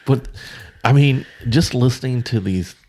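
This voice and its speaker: A man hosting a podcast, chatting in a relaxed and agreeable way. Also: mid-range voice, measured pace. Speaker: podcast host. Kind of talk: casual chat.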